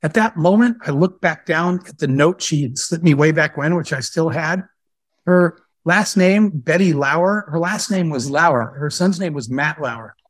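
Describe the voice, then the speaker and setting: A man telling stories to an audience, slipping into the voices of the people in them. His voice sits a little high for a man, and the sound is dry and close. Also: a little slow, dry recording. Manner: animated storyteller who acts out dialogue. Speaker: guest speaker and entrepreneur. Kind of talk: storytelling in a live Q&A talk.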